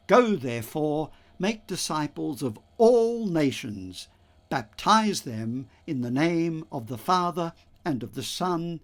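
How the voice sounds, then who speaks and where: Slow, lively-toned male homilist. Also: on the high side. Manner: measured, teaching explanations with emphasis. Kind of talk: scripted homily.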